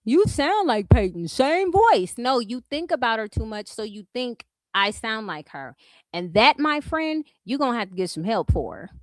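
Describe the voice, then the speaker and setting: A high-voiced woman with a Californian accent rants at her critics, blunt and full of profanity. She laughs them off between jabs. Her voice sounds close and dry, with no room around it. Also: animated, moderate pace, fairly bright tone, no echo. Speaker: YouTube commentary host. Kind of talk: ranting commentary vlog.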